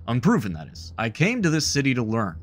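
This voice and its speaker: A man's voice: mid-range voice, wildly swooping pitch, a little fast, soft background music. A man voicing a nervous, earnest young male bard while reading game dialogue aloud. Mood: earnest, wistful. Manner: reads the bard's lines aloud in his own voice.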